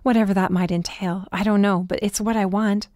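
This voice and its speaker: A woman playing an anxious, sharp-tongued young heroine. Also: medium pitch, fairly even intonation, fairly quick, no room sound, studio quality, natural voice. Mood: wistful.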